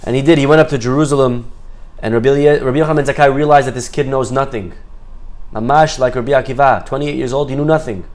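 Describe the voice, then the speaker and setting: This man speaks quickly in a mid-range voice while leading a Torah class. He tells a story sprinkled with Hebrew phrases, performing each quoted character's voice with a lively storyteller's flair.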